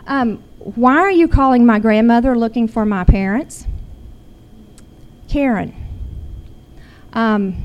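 A woman's voice: fairly high pitch, slow, long pauses, a little mellow, muffled recording. A middle-aged woman, earnestly telling a personal story. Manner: earnest, growing intense when retelling. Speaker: guest sharing a personal story.

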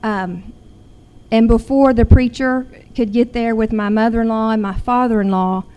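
A woman's voice: a little high, fairly even intonation, moderate pace, warm tone, clean tone. A middle-aged woman, earnestly telling a personal story. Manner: earnest, growing intense when retelling. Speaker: guest sharing a personal story.

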